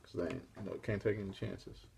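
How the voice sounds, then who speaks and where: A man's voice: on the low side, steady tone, fast talker, gravelly, darkish tone, a little hiss or hum. A man casually retelling a comic issue for his own review show, in a rambling, laid-back way. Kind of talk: casual spoken comic recap.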